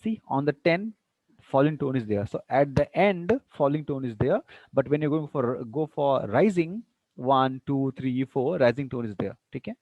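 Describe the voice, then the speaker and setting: Man, university lecturer, lively animated pitch, dull dry audio, fillers like "you know" and "see". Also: moderate pace, dry recording. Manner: explains patiently, repeats examples with exaggerated rising and falling tones. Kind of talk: online lecture.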